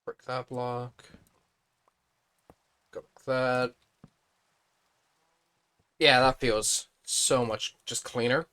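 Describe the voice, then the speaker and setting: A man's voice: medium pitch, very slow, long pauses, clear, resonant tone. Man musing while he builds. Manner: relaxed, thinking aloud with fillers. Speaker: streamer. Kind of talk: casual live-stream building commentary.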